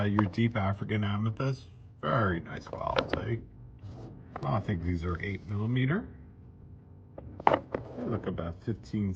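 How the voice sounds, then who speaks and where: A man's voice: on the low side, vocal fry, highs cut off, noisy background. A man, a bead shop owner walking through his weekly specials in rambling, jokey sales patter while holding the camera himself. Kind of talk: casual product showcase. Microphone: handheld camera he is holding himself. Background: loud background music.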